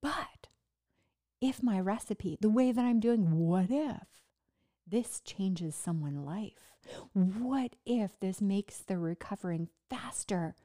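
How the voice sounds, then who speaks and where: Woman, slow halting delivery, mellow dark tone, searching for words, casual personal talk. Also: mid-range voice, expressive. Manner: halting, word-finding pauses and restarts, laughing at herself. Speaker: podcast host recovering from brain injury.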